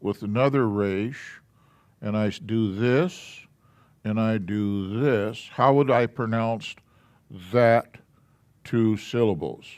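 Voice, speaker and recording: Slow patient man teaching a class. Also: lowish voice, a little mellow, dry recording. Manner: slow, patient, explaining step by step. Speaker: Hebrew alphabet teacher. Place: church classroom.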